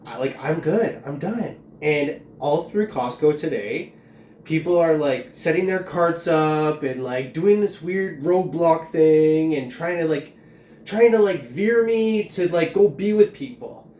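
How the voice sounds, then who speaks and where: A man's voice: fairly high pitch, a little slow, mellow. Agitated, profane man ranting in a roomy space. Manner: profane, agitated, rambling with many "like" fillers. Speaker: vlogger. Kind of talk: ranting monologue. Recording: roomy, distant from mic, faint ambience.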